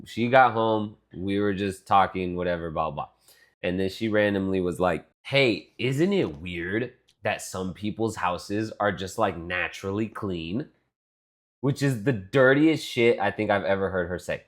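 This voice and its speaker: A young man co-hosting a casual podcast with his sister, arguing in an animated, mock-outraged way. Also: deep voice, unhurried. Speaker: podcast co-host. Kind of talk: casual chat.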